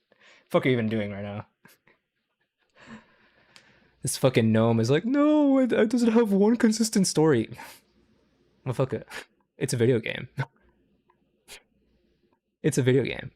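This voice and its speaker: This young man's voice sits mid-range and sounds a little mellow. Hosting a livestream, he reacts to clips with casual, profane commentary, rambling, tacking "okay?" onto his lines, and laughing at his own jokes.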